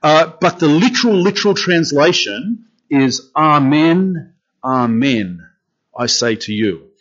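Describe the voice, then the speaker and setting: A man's voice: fairly high pitch, animated, slow pace, fairly bright tone. A man preaching a conversational sermon as pastor, questioning the congregation and repeating phrases as he thinks aloud. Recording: dull lo-fi recording.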